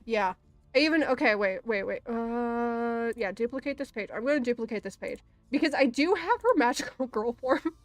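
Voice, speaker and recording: This is an artist streamer, a young woman with a fairly high voice, recorded with no room sound. While drawing, she chats casually and spins a story full of swearing, breaking into laughter again and again.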